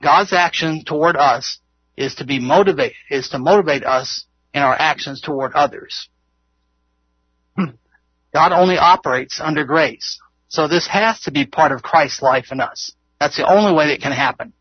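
A man's voice: on the high side, normal speed, slightly rough, dry recording, lo-fi sound. A man leading an informal Bible study, earnest and rambling, often laughing at himself. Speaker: Bible teacher.

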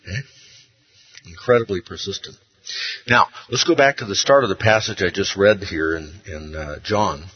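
A man teaching a Bible study, in a conversational way, with rhetorical questions and frequent checks of "okay?". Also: fairly low pitch. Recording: muffled, roomy recording.

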